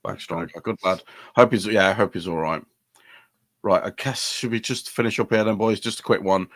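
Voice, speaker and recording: A man's voice: on the low side, fairly even intonation, brisk, fairly bright tone, no room sound. A young man hosting a casual football chat with mates, matey and chatty. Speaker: podcast host.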